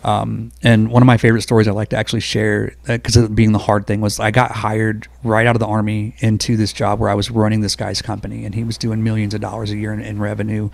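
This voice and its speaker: A man who is an Army veteran, telling stories in a blunt, quick, conversational way as an interview guest. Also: fairly low pitch, vocal fry. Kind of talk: casual interview storytelling.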